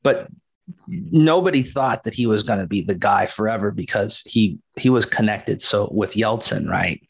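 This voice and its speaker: A man's voice: lowish voice, normal speed, gravelly, husky. A middle-aged man co-hosting a casual history podcast, jokey and laid-back, often tagging his points with "right?" and "bro". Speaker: podcast co-host.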